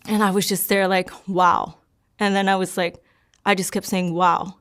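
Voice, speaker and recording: A young woman, a guest sharing her testimony, speaks in a mid-range voice with little pitch movement, brisk and clear with a resonant tone. Her casual account rambles, full of "like" and repeated words.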